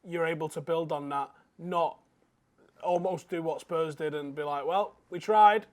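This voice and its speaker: A man's voice: on the high side, flat delivery, normal speed. A man, a podcast co-host, chatting casually and giving wry, exasperated commentary as a sports fan. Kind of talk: casual chat.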